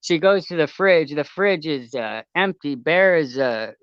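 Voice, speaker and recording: A man casually telling a long rambling story, halting and laughing as he goes. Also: on the high side, expressive, clean tone, no echo, lo-fi sound.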